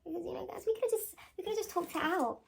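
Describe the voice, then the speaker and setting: A woman's voice: very high voice, quick pace, vocal fry, a little hiss or hum. A young woman, telling a story to camera in a casual vlog, rambling with lots of slang, swearing and filler words. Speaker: vlogger.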